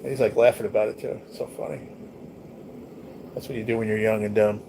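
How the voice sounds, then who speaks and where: A man's voice: on the low side, level tone, a little fast. A man hosting a casual livestream, chatting bluntly to viewers with lots of swearing and slang. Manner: blunt, profane, rambling talk to viewers. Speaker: livestream host. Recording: noticeable background noise.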